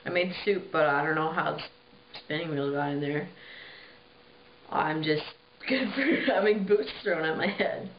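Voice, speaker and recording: A woman's voice: sits low, a little slow, a little hiss or hum. A woman voicing a meek young servant girl, pleading and a little whiny. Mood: flustered. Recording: roomy, dull lo-fi sound.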